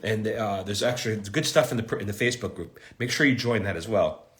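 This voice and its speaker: A middle-aged man hosting a casual live Q&A. He jokes and reads viewer questions aloud. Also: fairly low pitch. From United States. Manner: slips into halting learner's Italian.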